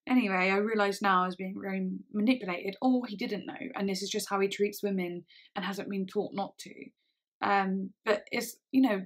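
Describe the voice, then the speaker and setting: A woman telling a personal story in a storytime vlog, speaking haltingly with frequent pauses and restarts. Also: medium pitch. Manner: halting, hesitant speech with many restarts. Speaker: vlogger.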